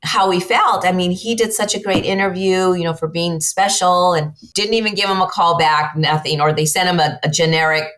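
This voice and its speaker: A middle-aged woman with a fairly low voice shares stories from her family life in a loose, rambling way. She fills her speech with "you know" and "like", and she acts out the others in the story as she goes. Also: brisk, hardly any pauses. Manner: chatty, rambling, heavy use of fillers like "you know" and "like"; acts out family conversations with lively quoted voices. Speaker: guest, mother and business owner. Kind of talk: casual storytelling in a podcast interview.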